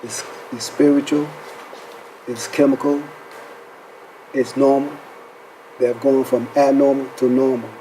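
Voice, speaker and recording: A man's voice: mid-range voice, little pitch movement, unhurried, long pauses, warm tone, slight background noise, low-quality recording. Preacherly male counseling show host. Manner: preacherly, rhetorical questions, says "right?" often. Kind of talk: faith-based counseling talk show.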